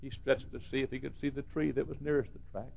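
Gravelly preacher man, tinny recording. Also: mid-range voice, level tone, fast. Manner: swings from hushed to shouting. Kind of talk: sermon. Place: church.

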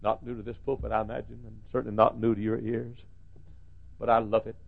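A man preaching a sermon in a church, swinging from hushed lines to shouting. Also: on the low side, flat delivery, fast, creaky, husky, phone-quality sound.

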